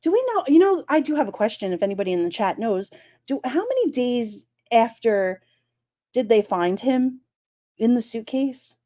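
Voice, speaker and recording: A woman chatting casually on a live stream, animated and incredulous, often exclaiming. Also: on the high side, moderate pace. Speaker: streamer talking true crime.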